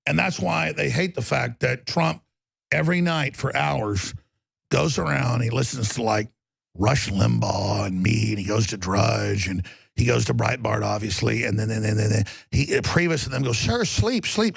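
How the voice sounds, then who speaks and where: Male host, gravelly rasp, husky, ranting monologue, dry close sound. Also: mid-range voice, moderate pace, no room sound. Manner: intense, emphatic, rambling. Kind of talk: ranting talk show monologue.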